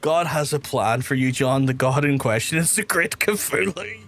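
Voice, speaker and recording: A man's voice: fairly high pitch, expressive, normal speed. A man live-streaming a game, ranting angrily at his chat with lots of swearing. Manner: angry, profane ranting.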